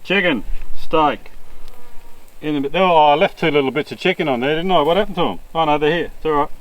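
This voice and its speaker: A man's voice: on the high side, a little fast, no room sound, rough recording. An Australian man hosting a casual camp cooking vlog outdoors, joking and laughing at himself. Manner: joking, laughs often, self-mocking. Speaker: vlog host. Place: outdoor campsite by a fire.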